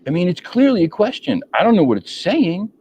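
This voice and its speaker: A man's voice: high voice, very animated, fairly quick, warm tone. A man hosting a casual interview, rambling with many ums and restarts. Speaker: podcast host. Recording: dull lo-fi audio with faint noise.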